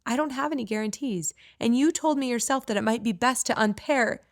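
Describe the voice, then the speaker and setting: A woman's voice: fairly high pitch, voice pushed up, natural voice. A woman voicing a weary, anxious mother who pours out her worries in a rush. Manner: anxious, pleading, words rushing out.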